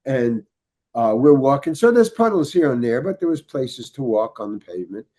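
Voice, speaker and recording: An older man, a podcast guest, telling a long anecdote in a halting way, restarting his sentences and acting out the dialogue. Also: medium pitch, sing-song, dark tone. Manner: halting, many restarts, acts out quoted dialogue. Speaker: guest storyteller.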